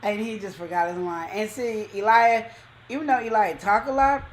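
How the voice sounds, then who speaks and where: A woman's voice: mid-range voice, brisk, slight background noise. A woman co-hosting a casual chat show, telling stories animatedly and repeating her punchlines. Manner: animated storytelling with repeated phrases. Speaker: co-host.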